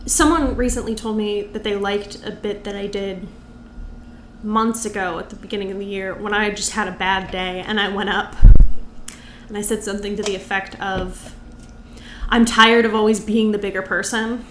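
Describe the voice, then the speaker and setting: A woman stand-up comic chats as a podcast guest in a lively, animated way, at times acting out other comics' rhythms. Her voice has a middling pitch and sits in a roomy space with a faint hiss behind it. The talk is loose and conversational. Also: normal speed. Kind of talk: casual conversation.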